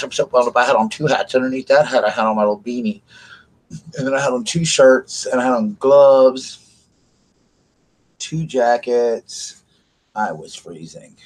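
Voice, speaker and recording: A man chats to his viewers in a rambling, easygoing live stream from his bedroom at night. His voice sits at an ordinary middle pitch. There is a faint hiss of noise behind him. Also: poor audio. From South Carolina, USA. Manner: rambling, chatty, talks straight to viewers. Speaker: vlogger. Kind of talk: casual live-stream chat.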